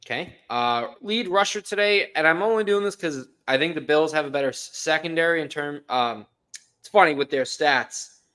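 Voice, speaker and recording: Bright, loud, joking sports podcast man. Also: fairly high pitch, moderate pace, clean tone. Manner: loud, jokey, swears freely. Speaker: podcast co-host. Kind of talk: casual sports chat.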